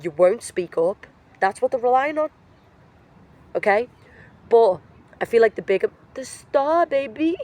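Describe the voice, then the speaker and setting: A woman's voice: mid-range voice, expressive, a little slow, pauses often, darkish tone. Blunt tarot reader woman, voice worn from illness. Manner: blunt, emphatic, slangy. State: sick, voice affected. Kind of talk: casual motivational tarot reading. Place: outdoors in nature.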